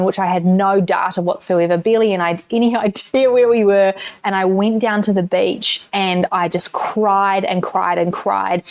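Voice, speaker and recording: A woman's voice: mid-range voice, no echo. A woman with a New Zealand accent speaks in a medium register, telling a personal story on her own podcast. Her talk is loose and frank, with plenty of swearing. The recording is dry and close, with no room sound. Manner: candid storytelling with frequent swearing. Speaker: podcast host. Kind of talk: casual solo podcast monologue.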